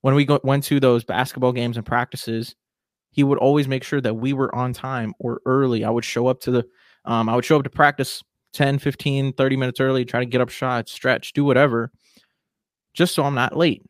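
A man in his twenties hosts a solo podcast, speaking casually and with strong opinions. His medium-pitched voice is steady and brisk, captured in studio quality with no echo.

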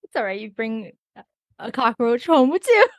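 A woman's voice: fairly high pitch, very animated, normal speed, no room sound. Lighter-voiced woman, casual, dry. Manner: responsive listener, laughs easily. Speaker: podcast co-host. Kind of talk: casual chat.

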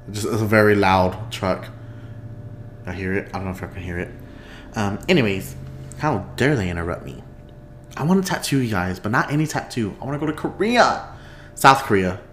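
Low-ish voiced guy chatting away on his podcast, giggly and all over the place, roomy echo on it. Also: lively intonation, a little fast, slight background noise. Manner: chatty, rambling, laughs often. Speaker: podcast host. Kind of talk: casual chat. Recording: echoey room.

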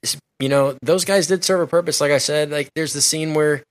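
A man's voice: on the high side, brisk, no room sound. A man co-hosting a podcast, musing aloud and asking playful questions about a film. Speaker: podcast co-host. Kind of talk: casual movie discussion.

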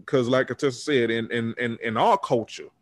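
A man's voice: mid-range voice, normal speed, no room sound, clean studio sound. A man co-hosting a casual recap podcast, talking bluntly with plenty of cursing. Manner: blunt, profane, preachy. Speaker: podcast co-host.

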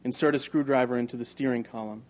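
Man reading a novel, even and measured. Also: mid-range voice. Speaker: audiobook narrator. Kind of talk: first-person novel reading.

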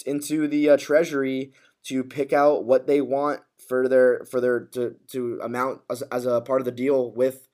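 Excitable man recapping a TV episode. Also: medium pitch, normal speed. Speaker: podcast co-host. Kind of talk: casual TV recap chat.

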